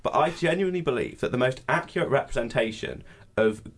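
A man from the UK chats about films on a podcast, quick and animated. His voice sits in a middling register as he piles up emphatic asides at a rapid clip. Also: mid-range voice, breathy edge. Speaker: podcast co-host. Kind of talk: casual chat.

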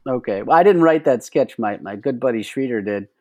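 A man's voice: mid-range voice, lively intonation, fairly quick. Man rambling through a comedy bit. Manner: rambling storyteller, retells a sketch with asides. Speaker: podcast co-host. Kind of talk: casual chat.

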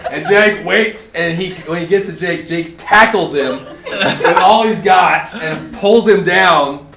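Animated man telling a story, echoey hall. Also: sits high, slow pace, gravelly, far from the mic. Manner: animated, laughing through his story. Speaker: conference speaker. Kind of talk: casual storytelling to a group. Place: large indoor hall at a retreat facility. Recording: echoey hall, faint room noise.

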